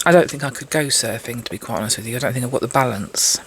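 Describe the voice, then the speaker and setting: A woman's voice: rumbling low, fast talker, a little hiss or hum. A woman giving a casual tarot reading, chatty and rambling, with self-mocking asides. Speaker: tarot reader. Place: indoors at a table with cards.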